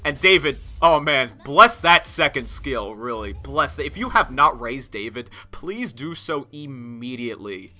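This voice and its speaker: A man giving excitable gameplay commentary, laughing often and swinging from loud outbursts to low mutters. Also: measured pace, hardly any pauses. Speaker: game streamer.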